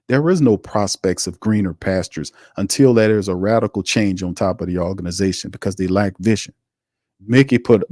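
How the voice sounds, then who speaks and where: A male sports talk host rants in exasperation, circling back to the same complaints again and again. His voice sits low, and the recording is dry and close, with no room echo. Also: darkish tone. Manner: exasperated, ranting, repetitive. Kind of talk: sports commentary rant.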